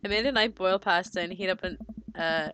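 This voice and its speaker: A woman's voice: fairly low pitch, fast, a bit bright, clear, resonant tone. A young woman streaming a dating game, reading its text aloud in a giggly way, often tripping over words and correcting herself. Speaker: gaming streamer.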